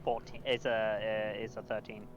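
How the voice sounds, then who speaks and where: A man's voice: lowish voice, level tone, moderate pace, dull audio, music in the background. Methodical male tabletop player. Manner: methodical, works through rules and numbers aloud. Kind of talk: playing a tabletop game.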